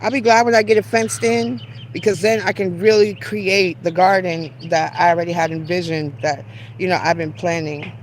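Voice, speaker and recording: A woman's voice: on the low side, fairly even intonation, normal speed, slight background noise. Chatty woman touring her garden live. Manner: chatty, greets viewers by name, self-deprecating. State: out of breath while walking. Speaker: garden channel host. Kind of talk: casual live-stream garden tour. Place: outdoor backyard garden.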